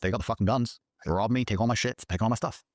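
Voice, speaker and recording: A man's voice: fairly low pitch, fast, no echo, clean studio sound. A middle-aged man telling a long story on a podcast, swearing freely and acting out what others said in mocking voices. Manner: profane, acts out quoted lines in mocking voices. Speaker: podcast guest. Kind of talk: animated storytelling in a podcast clip.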